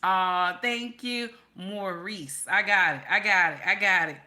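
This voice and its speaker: A woman's voice: medium pitch, unhurried, bright, forceful tone. A woman hosting a casual livestream, chatty, calling viewers baby and honey and repeating herself for emphasis. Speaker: livestream host.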